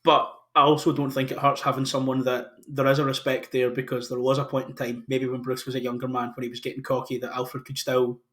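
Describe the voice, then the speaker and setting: A man's voice: mid-range voice, flat delivery, fairly quick, few pauses, a bit bright. Enthusiastic man rambling about casting. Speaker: podcast host. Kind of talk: casual chat about casting.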